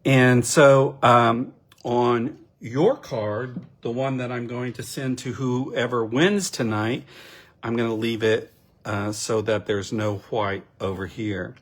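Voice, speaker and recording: Slow-talking man demonstrating card crafts. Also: mid-range voice, steady tone. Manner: unhurried, chatty, self-deprecating asides. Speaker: card-making instructor.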